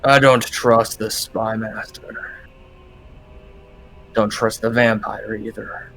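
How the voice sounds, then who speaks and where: A distrustful old dwarf smith in a green hood, grumbling his suspicions in a low voice, as a man plays him. His delivery is slow and measured. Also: fairly even intonation, bright, forceful tone, faint music behind, low-quality recording. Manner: wary, grumbling.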